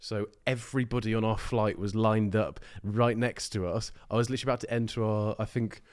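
A man's voice: on the low side, steady tone, a little fast. Young guy, podcast co-host, loose rambling anecdotes, laughs a lot. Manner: rambling storyteller, laughs often, restarts. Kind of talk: casual chat.

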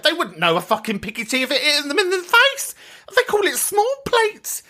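A high-pitched woman hosts a podcast at a moderate pace, launching into an animated, outraged rant full of swearing during a casual chat.

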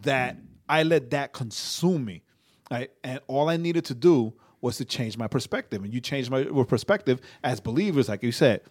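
A man's voice: mid-range voice, animated, normal speed. A young man co-hosting a casual faith podcast, rambling, stammering into restarts and tagging his sentences with "right?". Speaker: podcast co-host.

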